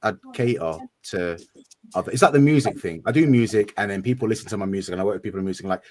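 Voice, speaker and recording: Rambling man, low voice. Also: racing, darkish tone, slight background noise. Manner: rambling, earnest, defensive. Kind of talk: casual chat on a live stream show.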